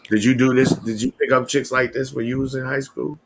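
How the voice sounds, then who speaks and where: A man's voice: medium pitch, fairly even intonation, fairly quick, noisy background. A man hosting a casual podcast chat, reflecting in laid-back slang. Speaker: podcast host.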